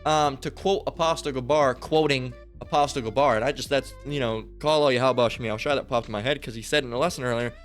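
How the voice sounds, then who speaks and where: A man's voice: mid-range voice, steady tone, fast talker, few pauses, faint music behind. A man preaching a fiery, profane sermon, reading scripture aloud and often breaking off with "all right?" asides. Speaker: street-style preacher.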